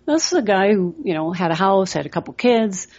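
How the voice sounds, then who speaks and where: A woman's voice: medium pitch, lively intonation, brisk, a little mellow, highs cut off. A middle-aged woman hosting a trading podcast, giving motivational talk and telling stories in an earnest way with lots of "you know" fillers. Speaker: trading coach and podcast host.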